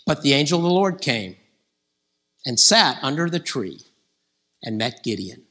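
A man preaching a conversational sermon, growing animated when he quotes scripture figures. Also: medium pitch, a little slow.

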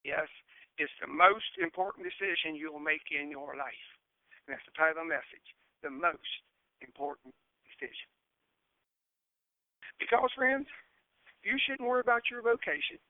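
A man's voice: fairly high pitch, expressive, normal speed, creaky, long pauses, dry recording. A man preaching an evangelistic sermon outdoors, earnest and emphatic, repeating his key phrases. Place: outdoors in a breeze. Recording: narrow phone-like sound.

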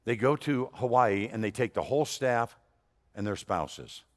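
Guy preaching in a church, tells stories loud then goes quiet, mid-pitch voice, big hall echo. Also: a little slow. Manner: animated storyteller, swinging between loud punchlines and hushed asides. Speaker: guest preacher. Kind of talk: storytelling sermon. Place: church sanctuary. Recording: long reverb of a church hall.

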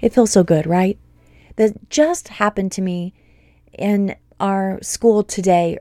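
Gushing upbeat woman with a mellow voice. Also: mid-range voice, slow, no room sound, studio quality. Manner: gushing, upbeat, rambling with excited asides. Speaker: podcast host and homeschool business coach. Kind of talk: casual podcast monologue.

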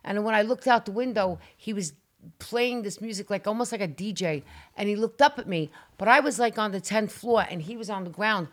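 Speaking at medium pitch and fairly quick, a woman dramatically recounts a frightening personal story on a casual talk show. She's animated, acting out her cries and swearing as she tells it.

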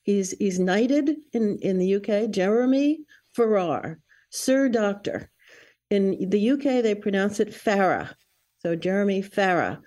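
A woman with a warm, mellow voice gives earnest answers in an interview. She talks in a warning tone and often restarts her sentences with fillers. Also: medium pitch, animated, unhurried. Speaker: guest.

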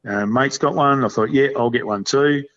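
An Australian man talks in a relaxed, rambling way, peppering his stories with blokey slang. His pitch sits in the middle range for a man. The recording sounds dull and lo-fi. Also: normal speed. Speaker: podcast guest. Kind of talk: casual chat.

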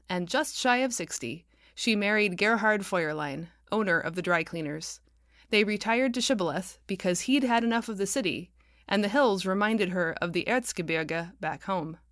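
Woman reading her own novel aloud, wry storyteller, mid pitch, dry sound. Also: a bit bright, no room sound. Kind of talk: audiobook narration.

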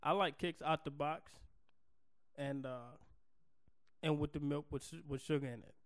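A man with a somewhat high voice banters as a podcast co-host, teasing and quick to laugh. He sounds relaxed and playful. The recording is dry and close. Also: no echo. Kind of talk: casual chat.

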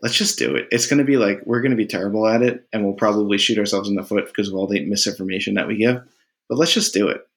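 A man with a somewhat low voice chats casually as a podcast co-host. He jokes around, laughs often and swears without a second thought. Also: fast, fairly bright tone. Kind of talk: casual chat.

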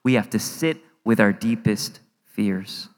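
Earnest pastor preaching in a reverberant hall. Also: male voice, fairly low pitch, expressive. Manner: earnest, acts out inner worries in quick asides. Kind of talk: conversational sermon. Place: church sanctuary.

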